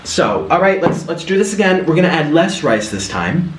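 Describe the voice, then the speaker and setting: A man's voice: on the high side, big pitch swings, moderate pace, noisy background. A young man chatting through a home cooking vlog, telling family stories with gasps and mimicked voices. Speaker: food vlogger. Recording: roomy, slightly distant mic.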